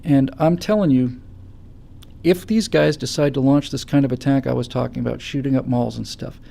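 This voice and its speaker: Gravelly, fired-up male commentator. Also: mid-range voice, moderate pace. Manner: forceful, stammering restarts, rising to near-shouting. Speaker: show host. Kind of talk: impassioned political commentary.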